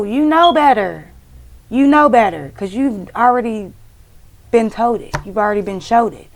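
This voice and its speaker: A woman's voice: on the high side, lively intonation, moderate pace. A woman giving a casual tarot reading, blunt and profane, scolding and emphatic. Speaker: tarot reader.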